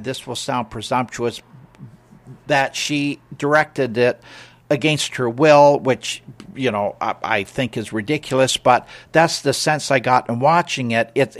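A man talks through his view of a stage production at an unhurried pace. He hesitates, repeats words and restarts his sentences as he weighs his opinions like a critic. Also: medium pitch. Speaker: theater critic. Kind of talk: casual review chat.

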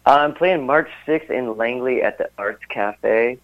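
A man's voice: mid-range voice, a little slow. A man, a musician guest, chatting casually and rambling through a story with many fillers, heard over a phone line. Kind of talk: casual interview chat.

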